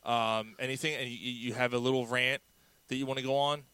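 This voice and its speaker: Podcast host guy, bright crisp voice, jokey, runs the segments. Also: medium pitch, steady tone, fairly quick, no echo. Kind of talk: casual chat.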